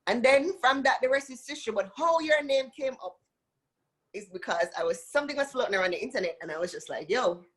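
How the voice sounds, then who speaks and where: A woman's voice: high voice, quick pace, slightly rough. A woman from Jamaica with a Jamaican accent, a singer chatting as a guest and telling stories with acted-out quotes. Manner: animated storytelling, acts out quoted voices. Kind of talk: casual interview chat.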